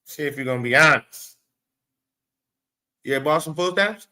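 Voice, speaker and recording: A man's voice: a little high, normal speed, bright, forceful tone. A man hosting a live stream, rambling, profane and blunt as he talks back to his chat. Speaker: livestream host.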